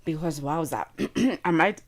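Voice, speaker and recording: A woman's voice: low-pitched, unhurried. A South African woman hosting a radio show, chatting casually with a guest, laughing often and talking while she eats.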